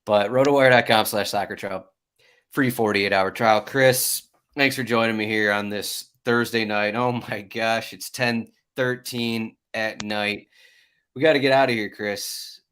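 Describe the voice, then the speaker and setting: Chatty low-voiced man hosting. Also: fairly even intonation, unhurried, a bit bright, clear, resonant tone. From Michigan. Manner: upbeat, chatty, plugs the website. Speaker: betting podcast host. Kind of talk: casual chat.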